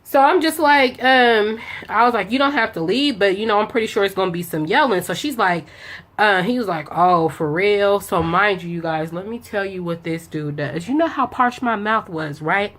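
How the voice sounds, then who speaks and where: A beauty vlogger applies her makeup while telling a story in easy, casual chat. Her medium-pitched voice has a fairly bright tone and a moderate pace, and she voices both parties in the conversation using slang.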